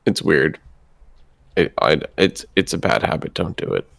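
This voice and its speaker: A man co-hosting a podcast, chatting in a relaxed, agreeable way. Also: rumbling low, normal speed, creaky. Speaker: podcast co-host. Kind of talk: casual chat.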